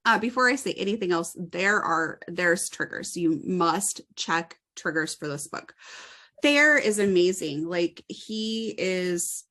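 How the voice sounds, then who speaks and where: A woman co-hosting a book review chat, summarizing a plot in a steady, plain way. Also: lowish voice.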